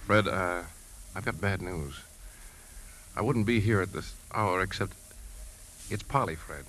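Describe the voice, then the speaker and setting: An actor playing a worried uncle who talks in a hesitant, troubled way. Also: male voice, low-pitched, unhurried, a bit bright, a little hiss or hum, low-quality recording. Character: worried grown man, family uncle.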